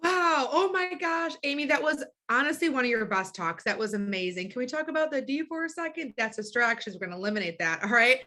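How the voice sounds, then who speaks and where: A woman hosting a team video call, gushing with excitement as she praises a speaker and rallies the group. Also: sits high, fairly quick, hardly any pauses. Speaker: call host.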